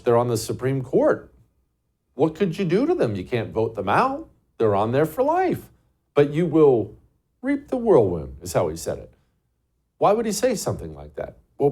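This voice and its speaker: A man's voice: mid-range voice, a little mellow. A man hosting a show, delivering a scornful, emphatic political commentary monologue full of rhetorical questions. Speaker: show host.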